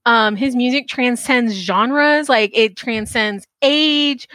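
Woman, podcast host, gushing, laughs a lot, bright higher voice. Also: slow, no room sound. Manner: bubbly, gushing, laughs often. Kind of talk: casual interview chat.

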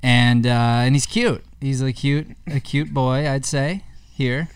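A man's voice: mid-range voice, unhurried, clean tone, dry recording. A man hosting a casual podcast chat, rambling and playful, often repeating his words. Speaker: podcast host.

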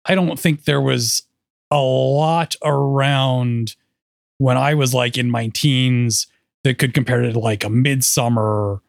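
A man's voice: medium pitch, steady tone, takes it slowly, creaky, dry recording, studio quality. A man co-hosting a podcast in casual chat, talking hesitantly with lots of "like" fillers. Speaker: podcast co-host.

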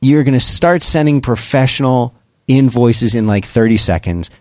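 A man's voice: mid-range voice, moderate pace, a little mellow, no echo, studio quality. A man co-hosting a podcast, chatting casually and rambling through an ad read. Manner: chatty, rambling, self-interrupting. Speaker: podcast co-host.

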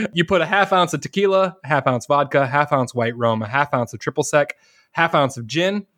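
Man, Northwest Ohio accent, slightly high pitch, relaxed casual chat, joking. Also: moderate pace. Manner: relaxed, joking, reads quotes aloud. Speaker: podcast co-host.

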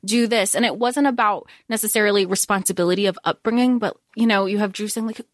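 A woman co-hosting a podcast, talking through a book in casual chat, animated and rambling, dropping into the characters' voices. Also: mid-range voice, fast talker, no echo, studio quality. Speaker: podcast co-host.

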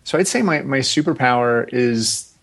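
A man in his forties, a podcast guest chatting casually, relaxed and rambling with restarts and asides. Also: mid-range voice, normal speed, creaky. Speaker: podcast guest, agency founder. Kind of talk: casual interview chat.

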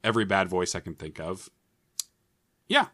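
A man's voice: sits low, huge pitch swings, moderate pace, a bit bright, dry recording, clean studio sound. A man co-hosting a podcast in casual banter, swearing a lot and joking with mock anger. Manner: profane, mock-angry joking. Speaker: podcast co-host.

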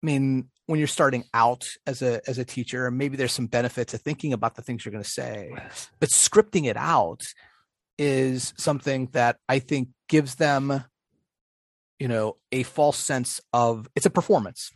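A man co-hosting a casual podcast, talking in loose rambling stretches with many restarts. His voice sits at a middling pitch and is recorded close and dry, with no room sound. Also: moderate pace, no echo. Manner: rambling, self-interrupting, laughs often. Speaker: podcast co-host. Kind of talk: casual chat.

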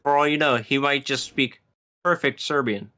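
A man co-hosting a relaxed podcast, ribbing his friends with wry asides. His voice is bright and sharp, at an ordinary pitch for a man. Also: moderate pace. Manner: teasing, wry. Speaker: podcast co-host. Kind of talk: casual podcast chat.

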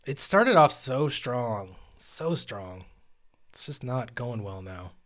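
A man co-hosting a podcast, delivering a joke performance review in a deadpan, mock-official manner. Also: medium pitch, slow pace. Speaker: podcast co-host. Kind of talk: casual podcast banter.

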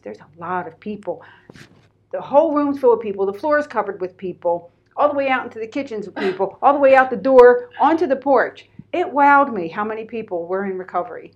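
Animated middle-aged woman telling her story. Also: medium pitch, highs cut off. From Pennsylvania, USA. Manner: animated, candid, heavy use of fillers. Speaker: interview guest. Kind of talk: personal storytelling in conversation.

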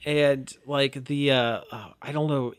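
A man's voice: medium pitch, fairly even intonation, takes it slowly, smooth, dry recording. A man co-hosting a casual podcast chat, rambling with lots of "like" fillers. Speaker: podcast co-host.

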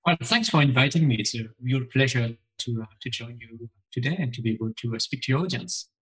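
A man's voice: medium pitch, fairly quick, a bit bright, husky, poor audio. A middle-aged man from France with a French accent, answering interview questions as a philosophy professor, thoughtful and prone to repeating himself as he restarts sentences. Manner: thoughtful, with frequent repetitions and restarts.

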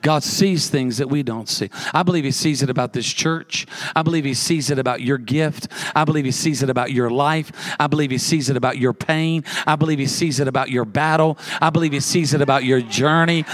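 A man's voice: mid-range voice, a little fast, few pauses. A man preaching a sermon as pastor, telling a story with humor and building repeated emphatic lists.

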